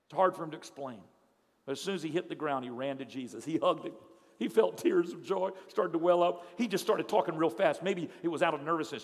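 A male pastor preaching a sermon in a dramatic storytelling manner, swinging from hushed tones to shouts. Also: fairly high pitch, a little fast. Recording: long hall reverb, faint crowd.

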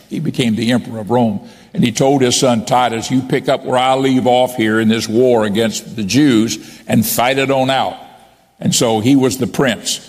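A man's voice: mid-range voice, long reverb tail. A man preaching a sermon as a bishop, quoting scripture and raising his voice emphatically for key points.

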